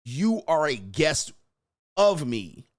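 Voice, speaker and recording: A man's voice: big pitch swings, slow. A man giving dating advice in a blunt, emphatic monologue, swearing freely and acting out quoted lines. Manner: acts out quoted lines with rising pitch. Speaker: dating coach. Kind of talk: casual monologue.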